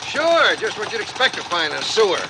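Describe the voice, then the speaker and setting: A brisk, commanding police lieutenant in a 1950s film, ordering a crowd about in a high voice. Loud street work and traffic noise roar behind him on the old soundtrack. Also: male voice, very animated, gravelly, exaggerated voice. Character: gruff, brisk middle-aged police lieutenant.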